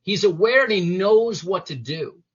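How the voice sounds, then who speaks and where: A man with a husky, fairly high voice speaks in a motivational interview. His pitch swings widely as he acts out inner voices and quotes. The sound is dull and lo-fi. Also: animated, measured pace. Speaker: interview guest, former police detective.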